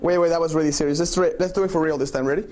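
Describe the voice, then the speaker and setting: A man's voice: fairly high pitch, fairly even intonation, racing, a little mellow. A man directing a group photo shoot on a live stream, playful and coaxing, checking in with "okay" after each instruction.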